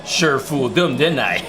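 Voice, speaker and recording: A man hosting a casual livestream, talking in an excited, rambling way and often repeating himself. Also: medium pitch. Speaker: livestream host. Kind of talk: casual chat.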